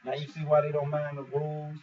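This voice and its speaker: A man's voice: fairly high pitch, monotone, fast talker, distant mic. Man asking rhetorical questions, muffled. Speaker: vlogger. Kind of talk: casual commentary.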